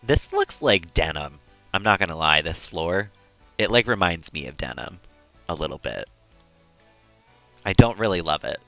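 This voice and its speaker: A man's voice: low voice, expressive, moderate pace, gravelly, pauses often, a bit bright, no room sound, lo-fi sound, faint music behind. A man live-streaming a game, rambling and chatty, often laughing at his own jokes. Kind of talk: casual gameplay commentary.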